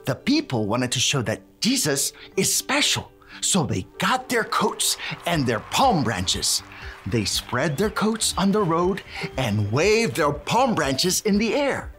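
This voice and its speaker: A woman's voice: low voice, sing-song, slow, a bit bright, faint music behind, heavily acted. A woman playing a cheerful handyman who teaches a children's Bible lesson, cheering and tossing in Spanish words.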